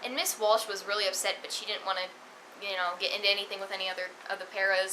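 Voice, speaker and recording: A woman's voice: medium pitch, steady tone, quick pace, noisy background. A teenage girl telling stories in a casual vlog, chatty with sarcastic asides. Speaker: vlogger.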